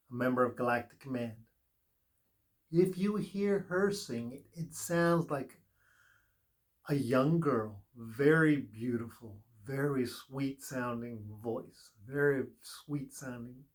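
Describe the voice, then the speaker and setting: A man giving a casual spiritual tarot reading, talking slowly with many pauses and fillers. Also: medium pitch. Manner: slow, unhurried, with pauses and fillers. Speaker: tarot reader.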